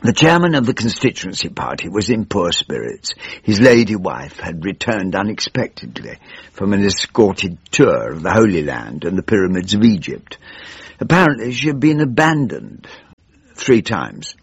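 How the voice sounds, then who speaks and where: A jaded old backbench politician. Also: male voice, fairly low pitch, big pitch swings, moderate pace, husky, no room sound, heavily acted. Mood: weary grumbling. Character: jaded old male member of parliament, pompous and weary. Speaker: weary elderly backbench politician narrating his woes. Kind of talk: radio comedy monologue. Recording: muffled dry radio recording.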